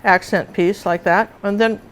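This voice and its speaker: A woman's voice: medium pitch, steady tone, moderate pace, low-quality recording. A middle-aged woman teaching acrylic painting in a live demonstration, chatty and often asking viewers if they see it.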